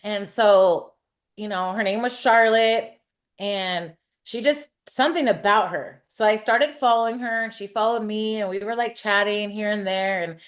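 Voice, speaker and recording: Woman, 40s, hairstylist guest; candid, chatty storyteller with average pitch and casual swearing. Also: moderate pace.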